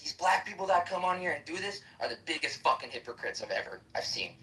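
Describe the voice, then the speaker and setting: A man's voice: a little high, big pitch swings, fast, pushed and bright, a little hiss or hum. A man ranting aggressively and with heavy profanity in a heated live-stream debate. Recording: voice distant from the mic.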